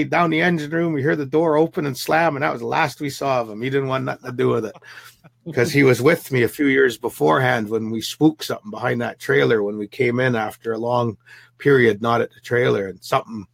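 A man's voice: medium pitch, vocal fry, dry recording. A man from the Pacific Northwest, a guest telling a vivid first-hand story and acting out the people in it. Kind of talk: storytelling an encounter.

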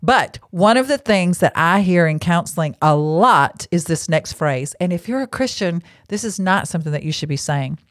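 Sitting at a table indoors, a podcast host and lay marriage counselor delivers a laid-back Christian teaching talk, frank and bottom-line with chatty asides. Her voice is on the low side and animated, at normal speed with few pauses, in a dry recording with clean studio sound.

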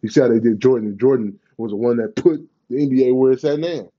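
A man's voice: mid-range voice, fast, dark tone, highs cut off. A man, ranting in a profane, rambling, slang-heavy way in a casual vlog. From Bay Area, California. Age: 30s.

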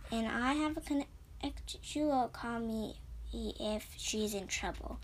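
A woman voicing a gentle village boy with a dragon in a read-aloud storybook, soft and earnest. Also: a little high, takes it slowly, slight background noise, low-quality recording.

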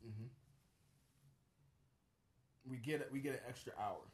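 A man's voice: medium pitch, measured pace, darkish tone, a little hiss or hum. A man co-hosting a casual chat about ballot measures, talking bluntly and emphatically with plenty of swearing.

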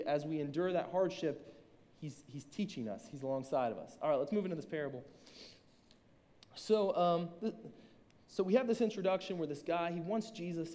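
Guy giving a sermon, kinda high but mellow voice, long echo off a big room. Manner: reads scripture slowly and deliberately. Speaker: lay preacher, a school reading teacher. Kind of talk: sermon with scripture reading. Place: room with an audience. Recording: long reverb from a large room.

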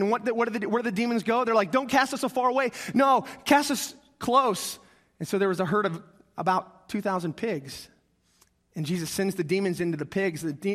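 A man preaching a sermon, telling a story with acted-out voices and calls to the congregation. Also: high voice. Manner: animated, acts out quoted voices, asks the congregation. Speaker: pastor. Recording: long reverb of a large hall.

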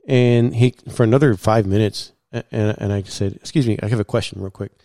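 Low mellow-voiced man telling a story. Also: fairly quick, no echo, clean studio sound. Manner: animated, acts out quoted dialogue, many fillers. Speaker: guest. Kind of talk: casual storytelling.

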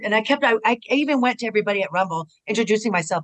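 A middle-aged woman, a retired pro wrestler, telling stories in a casual interview, animated and jumping higher when she quotes people. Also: very fast, low-quality recording.

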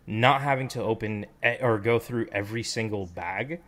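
A man's voice: on the low side, moderate pace, a bit bright. A man chatting casually with friends, rambling with lots of fillers and restarts. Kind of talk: casual chat.

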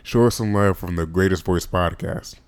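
A man with a very low voice talks through a solo podcast episode, loose and rambling, tacking "man" onto his sentences. The sound is dry and close, with little room around it. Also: moderate pace, smooth, no room sound. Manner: rambling, casual, emotional, says "man" often. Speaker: podcast host.

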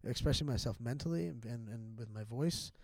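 A man's voice: medium pitch, a little fast, vocal fry, darkish tone. A middle-aged man talking as a podcast guest in a candid, casual chat, rambling and profane, with many restarts and fillers.

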